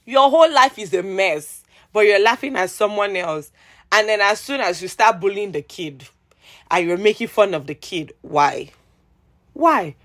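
A woman with a Nigerian accent, delivering a heated, exasperated rant as a vlogger, with sarcastic jabs and repeated pleas, swinging between loud outbursts and low mutters. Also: lively intonation, measured pace. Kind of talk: rant vlog.

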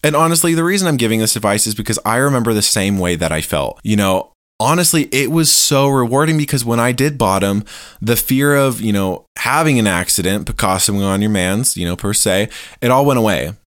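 A man's voice: lowish voice, expressive, fairly quick, fairly bright tone, no room sound, clean studio sound. A man hosting a casual solo podcast, flamboyant, profane and joking as he talks to his listeners. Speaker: podcast host.

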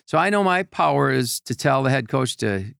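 An older man with a gravelly voice, telling rambling anecdotes as a podcast guest in casual chat. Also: mid-range voice, lively intonation, moderate pace, a bit bright, no echo, clean studio sound. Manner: rambling anecdotes with repeated restarts. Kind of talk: casual storytelling.

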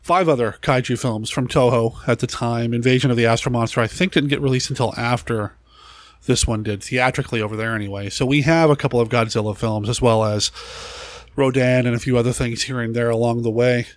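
A man's voice: mid-range voice, steady tone, a little fast, no echo. Brief: male podcast co-host, casual film talk, laughs often, dry close sound. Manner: chatty, laughs often, trailing restarts.

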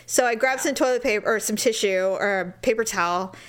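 A woman's voice: medium pitch, brisk. A woman co-hosting a casual chat, telling a story with acted-out quotes, laughing often and swearing.

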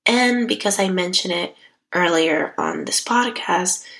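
Gravelly-voiced woman podcast host. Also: fairly low pitch, a little slow, a bit bright, poor audio. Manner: emotional, heartfelt, chatty. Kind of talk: casual solo podcast talk.

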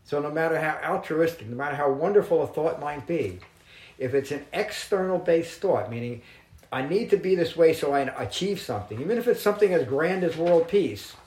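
A man teaching Buddhist texts to a small group, reading verses slowly and explaining them in a measured, reflective way. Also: fairly high pitch, animated, darkish tone, echoey room, poor audio. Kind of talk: dharma talk to a small group.

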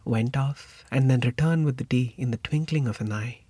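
A man narrating a short story in a measured, reflective way. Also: medium pitch, warm tone, husky, no room sound. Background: faint music.

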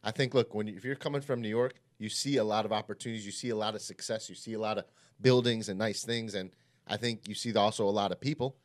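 A man hosting a casual interview, chatty and quick, repeating his phrases as he goes. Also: on the low side, fairly even intonation. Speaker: interviewer host.

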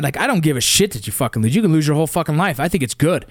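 This thirty-something dad from the San Fernando Valley, California, talks fast in a fairly high, lively voice, captured dry with clean studio sound. Addressing his young athletes, he rants bluntly and intensely, swearing heavily and repeating himself for emphasis.

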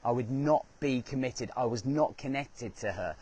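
A man's voice: mid-range voice, moderate pace, a little mellow, husky. A man hosting a motivational talk, speaking earnestly and repeating phrases for emphasis. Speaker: host.

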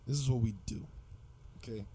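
A man's voice: mid-range voice, fairly quick, warm tone, slight background noise. A man guesting on a podcast as a comedian, cocky and teasing. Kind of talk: casual podcast banter.

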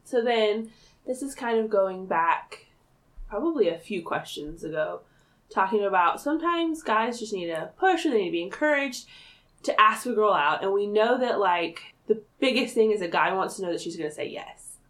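A woman co-hosting a casual podcast, lively, asking questions and laughing easily. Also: mid-range voice, moderate pace. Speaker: podcast co-host. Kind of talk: casual chat.

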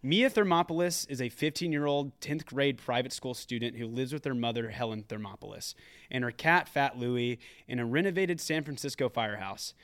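A man's voice: medium pitch, normal speed, a bit bright. A man co-hosting a casual movie review podcast, joking and reading out reviews, with a lot of restarts. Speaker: podcast co-host.

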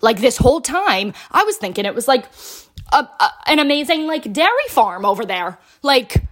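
Speaking at a normal speed in a high register, this young Connecticut woman recounts a humorous story with plenty of drama and casual flair. The sound is dry and studio-clean. Filler words pile up constantly, and she curses without hesitation.

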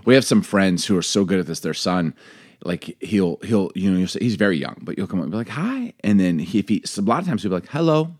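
A man's voice: sits low, fast talker, dry recording, studio quality. A man in his forties, a father and co-host, telling family stories in casual chat and acting out the voices. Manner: animated storyteller, acts out quotes.

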